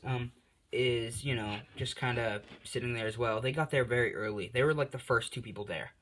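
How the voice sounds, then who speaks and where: A man's voice: medium pitch, a little fast, fairly bright tone. Male host, casual improvised storytelling, rambling, self-deprecating, heavy on fillers. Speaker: channel host telling a fan story.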